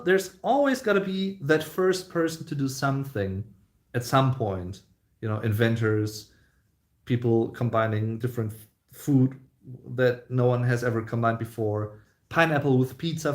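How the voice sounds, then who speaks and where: A German-accented man hosts a relaxed live chat with his community, speaking English as a second language. He rambles in an easygoing way, leaning on fillers and restarting his sentences often. His pitch sits in an ordinary middle range for a man. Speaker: host. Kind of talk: casual livestream Q&A chat.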